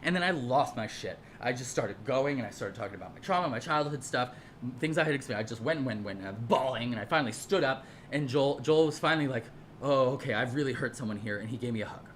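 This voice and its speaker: Casual monologue, indignant, profane, rambling, repeats words, middle pitch. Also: expressive, quick pace, a little hiss or hum. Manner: rambling with frequent repeats and restarts. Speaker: storyteller. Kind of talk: casual personal storytelling monologue.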